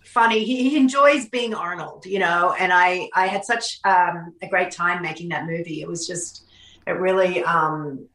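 A woman guest talking casually in an interview, chatty and animated, with frequent fillers and restarts. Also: lowish voice, normal speed. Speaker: actress guest. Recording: echoey room.

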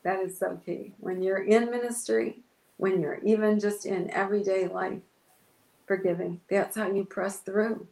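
A woman's voice: mid-range voice, steady tone, measured pace, vocal fry, a little mellow, reverberant, rough recording. A woman pastor telling an emotional personal story in an interview, acting out her own past words. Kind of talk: testimony in an interview.

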